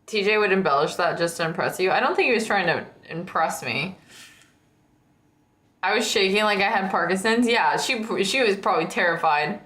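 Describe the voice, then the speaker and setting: A woman's voice: medium pitch, lively intonation, moderate pace, a bit bright. A woman streamer in casual livestream chat, teasing and laughing often. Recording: echoey room.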